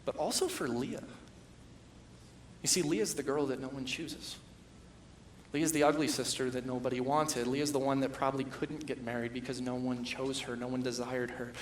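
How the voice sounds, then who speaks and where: A man preaching a sermon as pastor, moving from hushed storytelling to loud, impassioned emphasis. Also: mid-range voice, fairly even intonation, normal speed, roomy sound, slight background noise. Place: church sanctuary.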